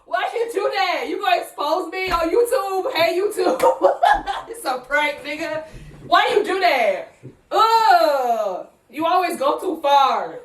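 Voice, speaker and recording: A woman's voice: very high voice, expressive, takes it slowly. A woman talking straight to her viewers in a casual home prank vlog, emphatic and repetitive, filmed on a camera set up in the room. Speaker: vlogger and mother. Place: home, indoors. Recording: loud background noise.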